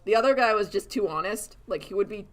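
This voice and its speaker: A woman's voice: mid-range voice, fast talker. Giggly, sarcastic young woman streamer. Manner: giggly, sarcastic, laughs often; acts out quoted voices. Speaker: streamer chatting while drawing. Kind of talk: casual livestream chat.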